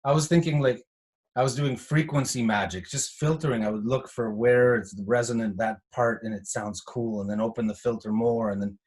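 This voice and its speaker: Man in his forties, from Canada, casual animated storytelling, mid-pitched voice. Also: moderate pace. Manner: animated storyteller, acts out quotes, swears. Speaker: guest house music producer. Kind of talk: casual chat.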